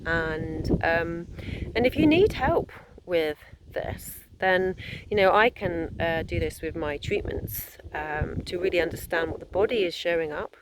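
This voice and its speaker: A woman's voice: fairly low pitch, a little hiss or hum. A woman, a holistic therapist giving a conversational wellness talk that rambles and encourages, with many fillers and restarts.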